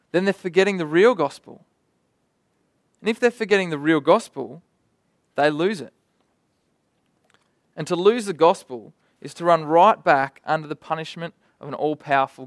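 A young man preaches a sermon in an animated, conversational way at normal speed, tossing in vivid asides. His voice is a little high for a man, and the sound is close and dry with no echo.

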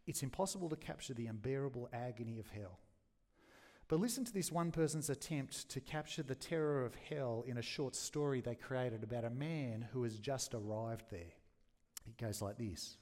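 Grave preacher. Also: male voice, medium pitch, moderate pace, darkish tone. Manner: earnest, grave, teaching tone. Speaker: pastor. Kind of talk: expository sermon.

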